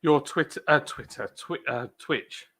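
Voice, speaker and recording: A man's voice: fairly high pitch, unhurried, a bit bright, breathy edge. A middle-aged man hosting a casual live chat, joking and rambling in a self-mocking way. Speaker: live stream host.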